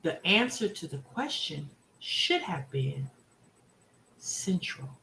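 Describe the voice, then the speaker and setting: Animated woman ranting on a stream. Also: on the low side, slow pace, gravelly, slight background noise. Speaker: host. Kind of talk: livestream commentary. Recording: roomy echo.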